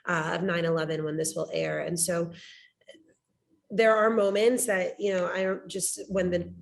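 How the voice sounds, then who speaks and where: Woman in her 30s, podcast host, lowish gravelly voice, chatty and thoughtful. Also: level tone, moderate pace. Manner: conversational, reflective, many fillers. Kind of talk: interview podcast.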